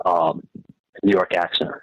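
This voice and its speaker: A man's voice: low voice, flat delivery, unhurried, dry recording. A man on a wiretapped phone call, rambling through a retold conversation, quoting the other side and swearing freely. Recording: muffled wiretap phone recording.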